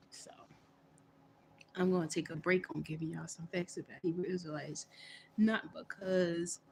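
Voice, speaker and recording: A woman's voice: fairly low pitch, creaky, a little mellow, slight background noise. A woman host on a livestream talking casually about her faith, earnest and repeating her phrases as she builds a point. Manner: earnest, repetitive, loops back on phrases. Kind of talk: casual religious monologue.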